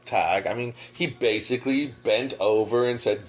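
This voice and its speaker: A man's voice: medium pitch, moderate pace, hardly any pauses. A man co-hosting a podcast in casual chat, making wry, joking asides. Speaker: podcast co-host.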